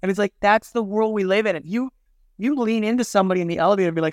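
Middle-aged guy talking fast and lively in an interview, does little voices for quotes, dry close sound. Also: high-pitched, dry recording. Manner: animated, acts out quoted voices, many "like" fillers. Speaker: guest, film producer and business consultant. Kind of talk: casual interview conversation.

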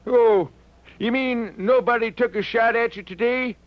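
Cranky old country uncle. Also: male voice, very high-pitched, measured pace. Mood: gruff eager. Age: older. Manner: folksy rural drawl, blunt and cranky. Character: folksy old country uncle, eager for excitement. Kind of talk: 1940s radio acting. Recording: dull vintage radio recording.

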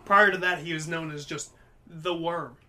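A man's voice: a little high, steady tone, moderate pace, sharp tone. A man co-hosting a comedy podcast, laying out trivia and teasing his co-host in casual chat. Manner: explains trivia, teasing and upbeat. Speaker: podcast co-host presenting picks.

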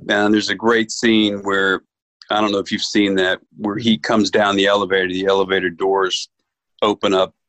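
A man from New York chats in a remote interview, acting out the people in his stories with a lot of energy. His voice sits low and sounds dry and close, with no room around it. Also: moderate pace, no echo, poor audio. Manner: animated storyteller, acts out quoted voices. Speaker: actor guest. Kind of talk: casual interview chat.

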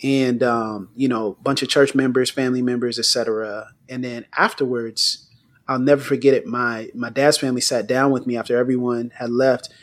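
A man hosting a casual conversation, telling a personal story in an animated way. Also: medium pitch, a little fast.

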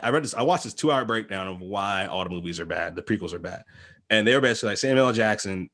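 A man in casual, profane banter with friends, prone to loud laughing outbursts. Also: fairly low pitch. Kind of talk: casual chat.

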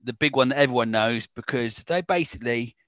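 Bright-voiced joking male comedian. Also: medium pitch, fairly quick, no room sound. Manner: joking, playful storyteller. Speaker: comedian guest. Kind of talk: casual podcast chat.

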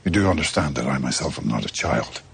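A grave deadpan customer, gravelly and very deep. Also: male voice, quick pace, exaggerated voice. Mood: deadpan solemn. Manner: solemn, deadpan questioning. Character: grave, deadpan grown man buying kids' cereal. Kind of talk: film comedy scene.

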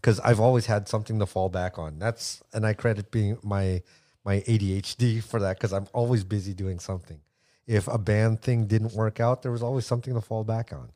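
A middle-aged American man, a musician guest on a podcast, telling relaxed stories and laughing often. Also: fairly low pitch, brisk. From United States. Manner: relaxed storyteller, laughs often, swears casually. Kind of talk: casual chat.

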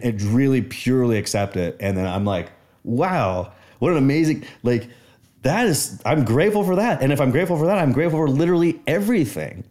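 A man with a fairly low voice talks through his own experiences in relaxed conversation. He is earnest and reflective, winding his thoughts out loud as he tells a story. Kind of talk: casual conversation.

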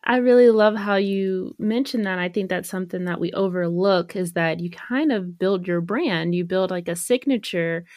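A woman's voice: lowish voice, moderate pace, hardly any pauses, a little mellow, dry recording, studio quality. A woman hosting a podcast interview, reflecting on and affirming her guest's points. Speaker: podcast host.

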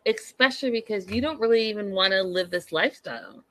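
Bright, sassy woman chatting to viewers. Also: medium pitch, animated, fast, no echo. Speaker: reality TV recap host. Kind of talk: casual chat recapping an episode.

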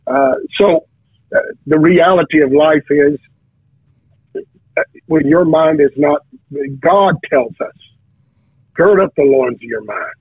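A man's voice: fairly high pitch, expressive, unhurried, gravelly, pauses often, breathy edge, no echo. A man, a preacher, telling his testimony in casual talk, with frequent restarts and repeated words. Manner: storytelling, many restarts and stammered repeats. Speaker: preacher guest. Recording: tinny phone line.

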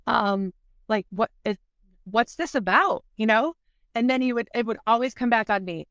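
A woman's voice: a little high, normal speed, a bit bright, no room sound, clean studio sound. A woman guest on a podcast, candidly telling her story in conversation, often saying "like" and acting out what people said. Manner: candid, fills speech with "like", acts out past quotes.

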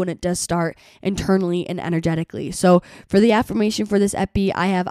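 A woman hosting her podcast in casual, chatty talk, her voice a little hoarse from being sick, with lots of "like" fillers. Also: fairly low pitch, a little mellow, no echo, clean studio sound. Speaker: podcast host.

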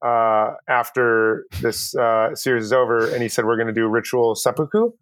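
A man's voice: mid-range voice, steady tone, normal speed, a bit bright, a little hiss or hum. A man co-hosting a podcast in casual chat, leading topics and teasing with questions to listeners. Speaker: podcast co-host.

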